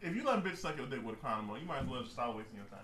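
A man co-hosting a podcast, talking loudly and laughing through crude casual chat. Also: mid-range voice, sing-song, very fast, echoey room, a crowd in the background. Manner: loud, laughing, vulgar banter. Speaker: podcast co-host.

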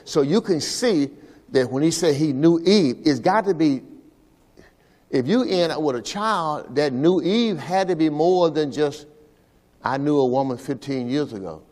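A man's voice: a little high, expressive, unhurried, darkish tone, big-room sound. A man, the pastor, preaching a sermon at a church service and calling for responses from the congregation. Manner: call-and-response preaching, repeating "all right" to the congregation.

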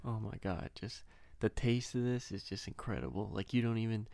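A man's voice: fairly low pitch, normal speed, creaky, dark tone, no room sound. A man co-hosting a podcast, listing dishes with eager, emphatic praise. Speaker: podcast co-host. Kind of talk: casual food chat.

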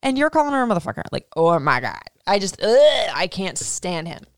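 A woman podcast host giving a casual, animated recap rant about a reality show. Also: mid-range voice, fairly quick, dry recording, clean studio sound. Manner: animated, indignant, swearing.

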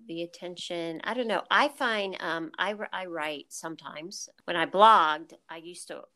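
A woman's voice: on the low side, a little slow, bright, forceful tone. Chatty woman thinking aloud. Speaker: physical therapist. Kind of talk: casual conversational chat.

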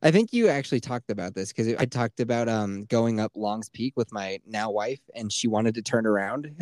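A man's voice: lowish voice, normal speed, dry recording, clean studio sound. A young man hosting a podcast, telling stories in casual chat, swearing and laughing as he goes. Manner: swearing, animated storytelling with laughs. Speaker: podcast host.

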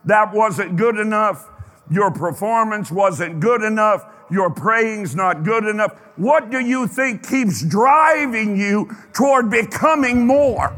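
A man's voice: high voice, lively intonation, slow, a bit bright, a faint crowd. A man preaching a sermon to his congregation, emphatic, stretching out phrases and firing questions at his listeners. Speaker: pastor. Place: church sanctuary. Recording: reverberant hall.

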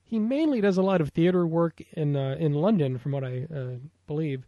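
Man, American, podcast co-host, casual movie chat, rambling with fillers, slightly high voice, dry recording. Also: moderate pace, no echo, lo-fi sound. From United States.

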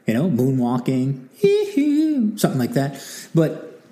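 A man with a mid-range voice, talking a little slowly, hosts a history program; his telling is casual, animated and wry, with acted-out quotes and frequent asides.

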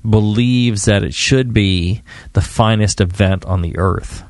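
A man co-hosting a podcast in casual chat, rambling and halting with lots of fillers and restarts. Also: on the low side, a little mellow, no echo, clean studio sound. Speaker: podcast co-host.

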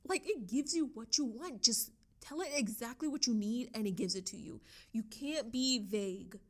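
A young woman hosting a podcast in a casual, chatty way, excitable and talking straight to her listeners. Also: on the high side, normal speed. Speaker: podcast host. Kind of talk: casual chat.

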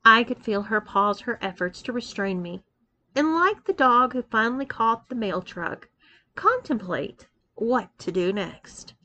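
A woman's voice: fairly high pitch, lively intonation, measured pace, bright, forceful tone, muffled recording. A woman reading a first-person story aloud, moving expressively between narration and dialogue. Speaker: story reader.

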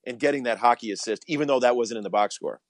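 A man's voice: mid-range voice, fast, dry recording. A man, a college basketball coach, answering interview questions earnestly, often repeating words as he starts.

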